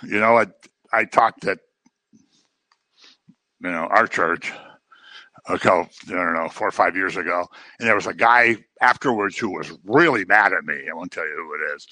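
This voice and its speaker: A man preaching a sermon in a conversational way, with joking asides and animated delivery. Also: low-pitched, normal speed, long pauses, dry recording.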